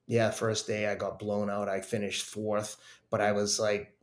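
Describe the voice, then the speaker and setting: A man in his fifties, a guest on a podcast, telling a long story in a casual, animated way, acting out quotes and using mild swearing. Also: lowish voice, a little slow, reverberant. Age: 50s. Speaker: podcast guest, masters runner.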